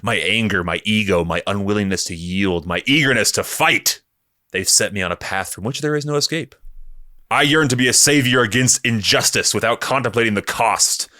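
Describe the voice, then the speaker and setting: A man reading aloud as a grim, world-weary male rebel spymaster, with a slow, weighty delivery that builds to a shout. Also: on the low side, dry recording, clean studio sound. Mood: solemn. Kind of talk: dramatic reading of a monologue.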